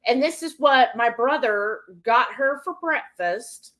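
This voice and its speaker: A woman's voice: a little high, slow pace, fairly bright tone. A woman co-hosting a livestream cooking show, chatting casually and telling a long family story with lots of "like" and "I said.". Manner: chatty storyteller who acts out quoted dialogue. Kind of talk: casual chat.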